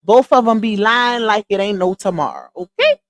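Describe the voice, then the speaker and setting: A woman's voice: medium pitch, animated, moderate pace. A woman hosting a livestream, giving blunt, scolding gossip commentary straight to her viewers.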